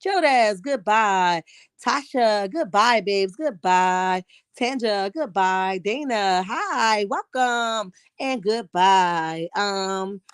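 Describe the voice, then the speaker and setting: A woman's voice: medium pitch, no room sound, clean studio sound. A woman hosting a casual live-stream gossip chat, sassy, reading viewer comments aloud and calling everyone honey. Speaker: livestream host.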